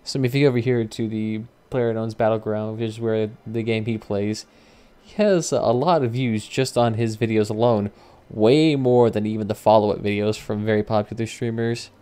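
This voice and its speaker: A man's voice: fairly low pitch, steady tone, normal speed, dark tone, clean tone. A man streaming and giving casual, wry commentary that rambles and corrects itself as it goes. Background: faint background music.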